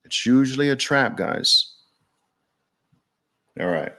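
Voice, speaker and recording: A man's voice: mid-range voice, lively intonation, slow, pushed and bright. A middle-aged man with a New York accent hosting a casual livestream, emphatic and motivational, repeating his key phrases. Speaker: livestream host.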